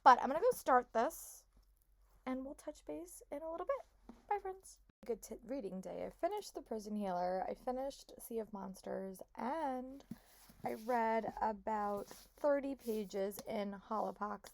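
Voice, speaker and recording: A young woman talking casually in a reading vlog, gushing and repeating herself, her voice hoarse and congested. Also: on the high side, animated, a little slow, darkish tone. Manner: gushing, lots of "like" and repeated "really". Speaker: book vlogger.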